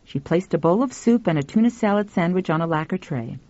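A woman narrating a short story in a measured, expressive storytelling manner. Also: lowish voice, no room sound, dull audio. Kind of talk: audiobook narration.

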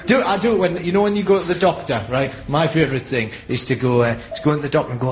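A man doing stand-up comedy, telling a rambling story at a fast clip. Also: medium pitch. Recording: roomy lo-fi live recording with loud crowd and music.

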